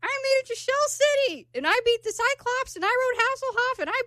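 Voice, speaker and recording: A woman's voice: very high-pitched, lively intonation, a little fast, pushed and bright, dry recording, clean studio sound, exaggerated voice. A woman doing an impression of an earnest young cartoon sea sponge, breaking into giggles. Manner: earnest speech broken by giggles. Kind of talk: impression on a radio show.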